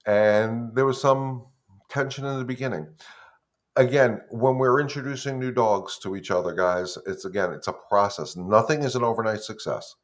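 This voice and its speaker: A man's voice: medium pitch, normal speed. A middle-aged man, a dog trainer, talking casually on a live stream, greeting viewers by name as he explains things. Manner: chatty, loose, greets viewers by name mid-thought.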